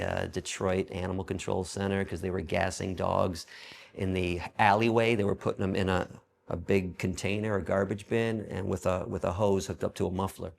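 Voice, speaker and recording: A man in his fifties telling stories as an interview guest, loose and profane. His voice sits low with a heavy gravelly rasp. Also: slight background noise. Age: 50s. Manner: animated, profane storytelling with acted quotes. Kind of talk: storytelling in a conversational interview.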